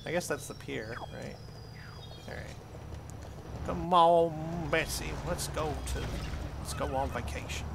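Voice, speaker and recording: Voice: medium pitch, a little slow, gravelly, long pauses. A gameplay host giving playful let's-play commentary, goofing around and role-playing the game's farmer with mock drama. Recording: noisy home recording.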